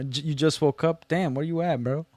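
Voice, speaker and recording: A man's voice: fairly high pitch, steady tone, moderate pace, darkish tone, dry recording. A man hosting a casual livestream, reading chat messages aloud and answering them with slangy jokes and teasing. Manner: slangy, loose delivery with many fillers. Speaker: livestream host.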